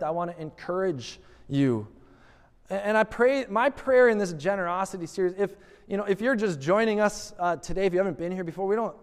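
A male pastor preaching a sermon to his congregation, stressing key words by repeating them. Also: high-pitched. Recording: long reverb of a large hall.

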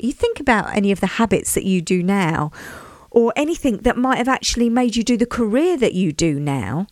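A woman's voice: on the high side, dry recording. A woman, hosting a podcast and telling a reflective story in a chatty way, speaking directly to her listeners. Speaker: podcast host. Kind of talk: casual storytelling monologue.

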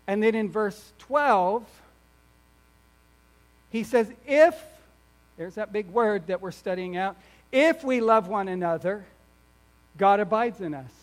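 A man with a high voice preaches a sermon, building to emphatic, nearly shouted lines and then dropping to quiet asides. He often repeats and restarts his words as he goes. A low mains hum sits under the recording. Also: expressive, slow, long pauses. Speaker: pastor.

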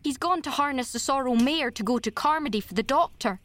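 A woman's voice: high-pitched, brisk, a bit bright. A woman reading an audiobook, voicing an imaginative, talkative girl who speaks effusively and dramatically. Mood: eager.

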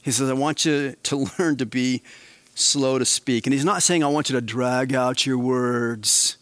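A male pastor preaching a sermon, swinging between quiet, slow emphasis and animated, raised passages. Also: mid-range voice, no room sound.

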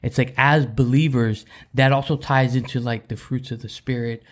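A man's voice: medium pitch, steady tone, normal speed. A man sharing a candid personal story in a faith talk, earnest and rambling, with many restarts.

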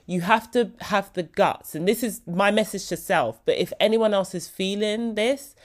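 A woman's voice: mid-range voice, normal speed. A young woman, hosting a casual solo podcast in a chatty, heartfelt way. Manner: chatty, heartfelt, slips into quoted voices. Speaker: podcast host.

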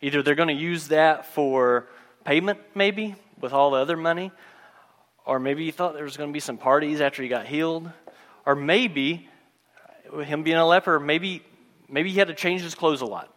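A man delivers a sermon in a storytelling manner, slipping into the voices of the people in the story. His voice sits a little high for a man. The sound carries a long reverb, as in a church hall. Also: normal speed, a bit bright. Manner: storytelling, acts out voices of the characters. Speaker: preacher.

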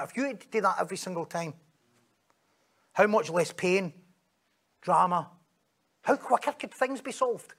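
A man's voice: high voice, animated, normal speed, creaky, pauses often, fairly bright tone, husky. A man preaching a sermon in a conversational way, acting out quoted voices and asking rhetorical questions.

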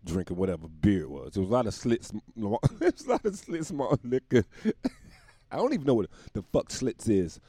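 A tired man rambling through a casual comedic monologue, laughing often and breaking into loud put-on voices. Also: fairly low pitch, no echo. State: dog tired.

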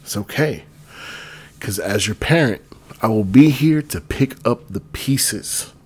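A man doing a calm, wise middle-aged father talking softly to his son. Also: lowish voice, slow, slightly rough, heavily acted. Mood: calm urging.

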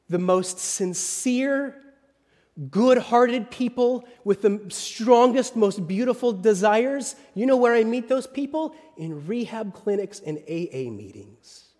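A male preacher delivers a sermon, moving from full-voiced phrases down to near whispers. His voice sits high and ranges widely. A long reverb follows every line. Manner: dramatic, shifting from loud to whispered.

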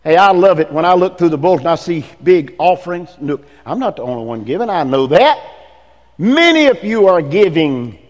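A male pastor preaches in a high, lively voice that leaps up and drops low. He swings between forceful emphasis and near-hushed asides. The sound carries a long echo, as in a large hall. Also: normal speed. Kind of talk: sermon.

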